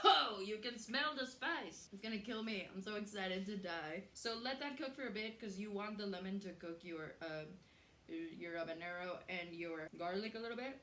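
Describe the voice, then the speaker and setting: A woman's voice: medium pitch, fairly bright tone, slight background noise. A young woman hosting a casual cooking vlog in her home kitchen, chatty, swearing freely and laughing easily. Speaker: cooking show host. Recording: roomy kitchen echo.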